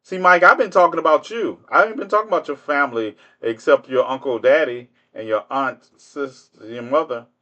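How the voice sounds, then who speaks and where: A man's voice: medium pitch, a little fast, few pauses, pushed and bright, dull audio. A man hosting a live stream, answering commenters in casual speech, mocking them with rhetorical questions. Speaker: livestream host.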